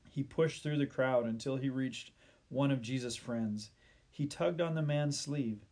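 A man with a slightly husky, breathy voice reads a children's story aloud. His delivery is gentle, steady storybook narration at a middling pitch. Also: moderate pace.

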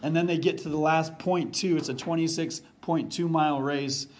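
A man preaching a sermon as pastor, repeating phrases for emphasis and dropping low and quiet when reading verses. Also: steady tone, moderate pace. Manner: varies pace and volume, drops low for quoted verses.

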